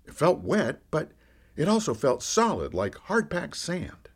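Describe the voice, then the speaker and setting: A man's voice: fairly high pitch, measured pace, breathy edge, exaggerated voice. A man playing a candid fisherman disciple, telling his own story in a first-person monologue. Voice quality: lively storyteller, rising and falling with the action. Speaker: podcast storyteller.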